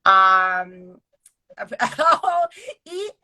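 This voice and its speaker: A woman hosting a casual interview, telling stories in an animated way and repeating words as she goes. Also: medium pitch, extremely slow, a crowd in the background. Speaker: host.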